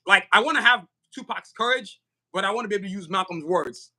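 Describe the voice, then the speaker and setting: A man, a podcast guest talking in an animated, emphatic way, often repeating himself and laughing. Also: high voice, fast talker. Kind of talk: casual podcast conversation.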